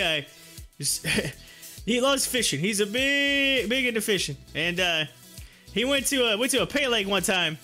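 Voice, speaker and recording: A man hosting a casual live stock-trading stream, excitable and laughing often. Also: high-pitched. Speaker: livestream host.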